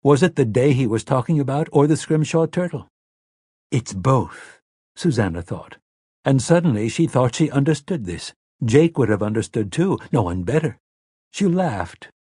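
A man narrating an audiobook in a measured, expressive storytelling manner. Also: mid-range voice, slightly rough, no room sound, studio quality. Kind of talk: scripted narration.

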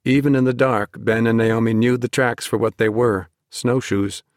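A man narrating an audiobook in a measured storytelling manner, close to the microphone. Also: medium pitch, steady tone, no echo. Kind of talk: scripted narration.

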